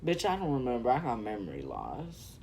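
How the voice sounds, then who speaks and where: A man's voice: mid-range voice, huge pitch swings, fairly quick, gravelly, darkish tone, a little hiss or hum. A teenage man from California, telling a rambling story full of profanity while doing his makeup on camera. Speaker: vlogger.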